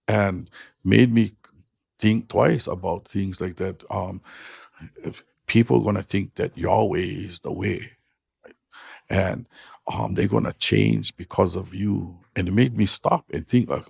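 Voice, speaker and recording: A man's voice: lowish voice, fairly even intonation, measured pace, creaky, slightly rough, no echo, clean studio sound. A middle-aged man with a Hawaiian accent, a hula teacher telling stories in casual, frank, blunt talk. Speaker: podcast guest, hula teacher. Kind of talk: casual storytelling.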